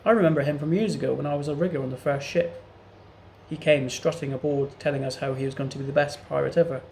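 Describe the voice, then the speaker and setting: Gravelly old pirate captain, gruff storybook figure, voiced by a male reader. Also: a little high, fairly even intonation, fast talker, a little mellow, slight background noise.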